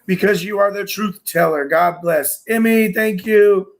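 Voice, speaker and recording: A man hosting a live stream, brash and teasing, with crude jokes and shout-outs to viewers. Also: high-pitched, a little slow. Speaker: streamer host. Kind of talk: casual live-stream banter.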